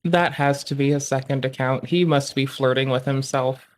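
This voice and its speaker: Streamer, reaction commentary, profane, rambling, mid pitch. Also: steady tone, moderate pace. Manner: rambling, profane, lots of fillers.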